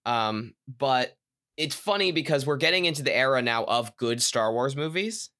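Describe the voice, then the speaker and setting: Bright-voiced rambling young man. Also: medium pitch, lively intonation, moderate pace. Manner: rambling, self-correcting, enthusiastic. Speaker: podcast co-host. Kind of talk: casual chat.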